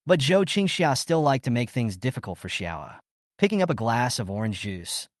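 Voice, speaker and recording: A man narrating a comic story recap with steady storytelling. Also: mid-range voice, dry recording, studio quality.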